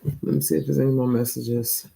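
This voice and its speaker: A man with a medium-pitched, gravelly voice and a dark tone speaks briskly with fairly even intonation, and the recording is rough. He gives a loose, profane tarot reading, tagging his points with a questioning "okay?".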